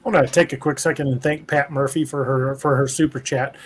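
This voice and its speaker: A man hosting a podcast livestream, reading viewer comments and giving shout-outs in an upbeat way. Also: medium pitch, fairly even intonation, a little fast, a little hiss or hum. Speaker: podcast host.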